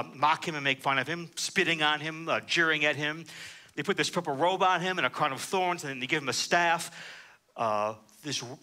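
This sermon comes from a pastor whose voice is fairly high, bright and forceful. He works through scripture verse by verse, reading it aloud and explaining it, with many "uh" fillers.

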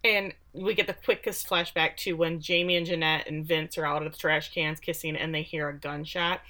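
A woman from Texas co-hosting a podcast, giving a sarcastic, animated recap of a show and acting out the quotes. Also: low voice, moderate pace. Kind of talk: casual chat.

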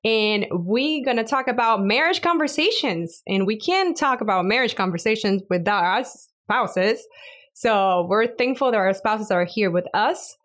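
A woman hosting a faith-based parenting podcast, bubbly and eager, quick to laugh as she welcomes everyone. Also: medium pitch, fairly bright tone. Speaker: podcast host.

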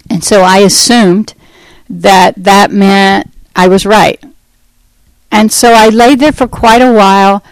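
A woman recounts her personal faith testimony in an open, emotional storytelling manner. Her voice sits at a middle pitch, and the recording is dry and close, with no room echo. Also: smooth. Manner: candid, emotional storytelling with frequent laughs. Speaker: testimony speaker.

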